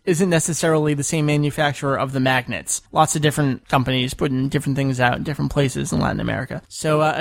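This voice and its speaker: A man with a fairly high-pitched voice hosts a casual podcast chat. He explains points patiently and spells them out step by step. His voice sounds dry and close, with no room around it. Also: no echo. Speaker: podcast host.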